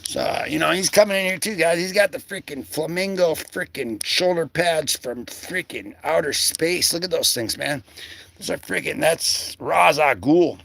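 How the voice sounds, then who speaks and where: A man's voice: a little high, moderate pace, gravelly, fairly bright tone. A man hosting a casual livestream, rambling through comic pages in slangy talk full of fillers and greeting viewers in chat. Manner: talks to chat viewers by name. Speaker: livestream host.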